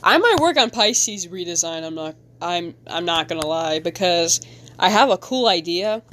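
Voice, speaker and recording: A woman's voice: on the low side, animated, normal speed, a bit bright, a little hiss or hum. Giggly young woman chatting on stream. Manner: rambling, giggly, talks to chat. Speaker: live-streaming artist. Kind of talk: casual live-stream chat while drawing.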